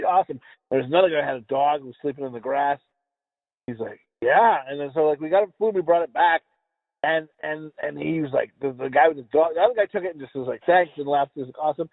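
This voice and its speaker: With a mid-range voice, a man from the US East Coast co-hosts a podcast, swearing and rambling through his stories and fumbling words as he chats. The sound is dry and tinny, like a phone.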